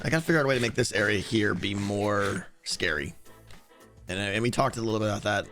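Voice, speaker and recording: A man streaming a game, chatting casually with viewers and thinking aloud, with a hoarse voice and many restarts. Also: on the low side, fast talker, a bit bright, soft background music. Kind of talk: casual livestream chat answering viewers.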